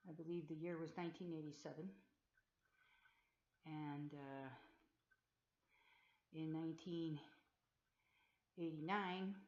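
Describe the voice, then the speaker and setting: A woman giving an earnest, halting personal testimony to a webcam, with many pauses and fillers, recorded in a room of a group home on a loaner computer's built-in mic. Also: low voice, darkish tone. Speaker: former Jehovah's Witness telling her story. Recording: echoey room, dull lo-fi laptop mic.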